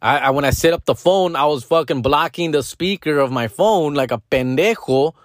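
A man's voice: a little high, normal speed, no room sound, studio quality. A man in his thirties talking in a casual, rambling vlog monologue, cursing freely and dropping Spanish slang as he explains his comedy videos. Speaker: social media comedy creator.

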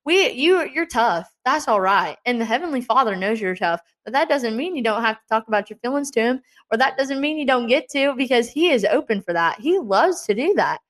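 A woman's voice: on the high side, expressive, a little fast, hardly any pauses, a bit bright. A young woman giving a casual Christian devotional talk, earnest and chatty, encouraging her listeners with playful asides.

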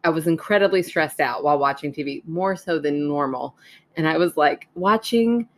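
A woman in her thirties with a slightly low voice, co-hosting a casual podcast. She jokes and laughs easily. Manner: playful, joking, quick to laugh. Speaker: podcast co-host. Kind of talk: casual chat.

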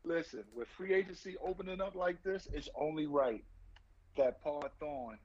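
A man's voice: fairly high pitch, steady tone, normal speed, highs cut off. A man co-hosting a casual sports podcast, laid-back and drawn out as he wraps up. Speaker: podcast co-host.

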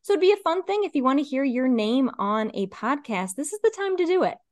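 A woman's voice: sits high, sing-song, a little fast, a little mellow, dry recording. A woman co-hosting a podcast, chatting casually and giving emphatic opinions with hesitant restarts. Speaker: podcast co-host. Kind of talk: casual chat.

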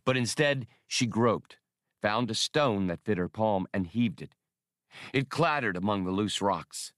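A man reads an action audiobook with animated storytelling. His voice is low but moves lively up and down. The recording is dry and close. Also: unhurried, no room sound. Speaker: audiobook reader. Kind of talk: audiobook narration.

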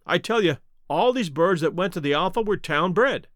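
A man voicing an irritable, stubborn market poultry salesman who blusters in a loud, indignant voice. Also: high voice, animated, moderate pace, no room sound, studio quality. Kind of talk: audiobook character reading.

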